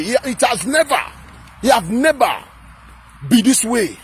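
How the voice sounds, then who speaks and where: A man from Edo State in Nigeria, with a Nigerian accent, delivering a fiery, repetitive political rant to camera that at times turns to shouting. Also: extremely high pitch, big pitch swings, unhurried, long pauses, breathy edge. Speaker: political vlogger.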